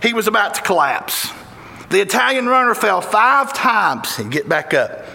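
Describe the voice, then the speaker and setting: A high-pitched man with a Southern Tennessee accent preaches a sermon in a fervent, folksy way, breaking into excited exclamations. His voice rings through a church sanctuary with a long, echoey reverb trailing each phrase. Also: moderate pace, vocal fry. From Tennessee, USA. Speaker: guest preacher.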